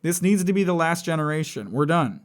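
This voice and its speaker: On the high side and animated, this young man's voice moves briskly as he builds a model kit on a live stream. His casual talk wanders, profane and blunt with a sardonic bite.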